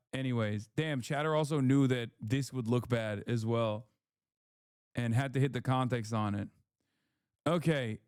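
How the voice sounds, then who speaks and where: A man's voice: medium pitch, a little mellow, clear, resonant tone, no room sound, clean studio sound. A man streaming casually, reading ban appeals from chat with a sardonic, mocking manner. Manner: sardonic, reads chat messages aloud in mocking voices.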